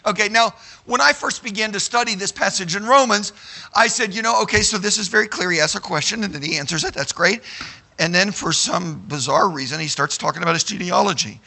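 A man teaching a sermon to a live audience, animated and emphatic, checking in with the room with frequent "okay?" and at times shouting a phrase for emphasis. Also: sits high, a little fast, creaky. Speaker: Bible teacher.

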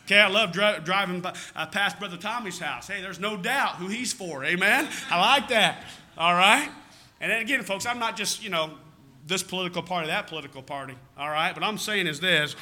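A man's voice: sits high, animated, a little fast, sharp tone, a little hiss or hum. A man with a Southern American accent preaching a sermon in a folksy, rambling way, often calling out "amen?" to his church. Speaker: pastor.

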